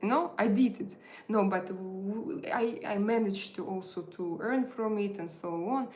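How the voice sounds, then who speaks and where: A woman's voice: medium pitch, moderate pace, darkish tone, a little hiss or hum. Woman rambling on a tarot livestream, lots of uhs, kinda non-native phrasing, echoey room. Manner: hesitant, full of filler sounds, non-native phrasing. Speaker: tarot reader and channel host. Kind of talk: casual live-stream chat. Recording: roomy echo.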